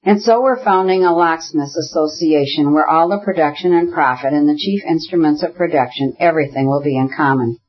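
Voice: medium pitch, fairly quick, few pauses, lo-fi sound, natural voice. A reader voicing a bitter, agitated radical brother. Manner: heated, argumentative, bursts into shouting.

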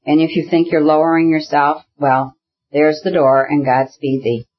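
A man's voice: on the high side, level tone, normal speed, lo-fi sound, natural voice. A man voicing a gaunt, sickly, irritable older brother in an audiobook, speaking abruptly and angrily. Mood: defiant. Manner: angry, jerky, abrupt. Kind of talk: audiobook character reading.

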